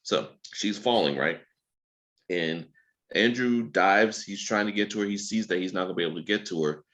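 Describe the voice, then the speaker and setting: A man's voice: sits low, moderate pace, fairly bright tone. A man co-hosting a podcast, casually explaining a movie scene step by step in a laid-back way. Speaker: podcast co-host. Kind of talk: casual chat.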